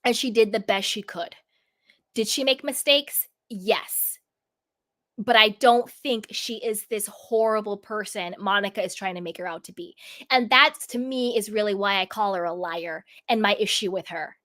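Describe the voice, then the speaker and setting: A woman's voice: mid-range voice, moderate pace, fairly bright tone, no room sound, studio quality. A woman giving an opinionated recap of a reality show, emphatic and indignant, full of rhetorical questions. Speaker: reality TV commentator.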